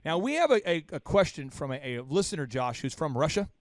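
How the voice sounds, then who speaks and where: A man hosting a business podcast, animated and teasing, often cutting in with questions. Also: on the high side, fairly quick, no room sound, studio quality. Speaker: podcast host. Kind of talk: casual business podcast chat.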